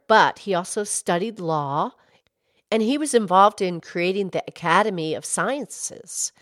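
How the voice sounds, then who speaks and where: A woman voices a wise, patient cartoon cow on a playful kids' podcast where she's a co-host. Her lowish voice is unhurried as she explains things slowly and gently, like a teacher. The recording is close and dry, with no room sound.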